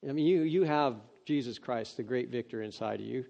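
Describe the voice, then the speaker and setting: A man preaching, reading scripture aloud and breaking off into earnest, excitable, conversational asides. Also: medium pitch, fairly quick, vocal fry, some chatter behind. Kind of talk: devotional scripture reading with commentary. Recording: dull lo-fi sound.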